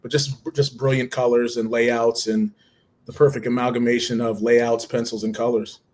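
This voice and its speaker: Dude co-hosting, describing comic art, flat even voice, lots of uh pauses. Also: male voice, medium pitch. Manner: even-toned, many "uh" pauses. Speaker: co-host.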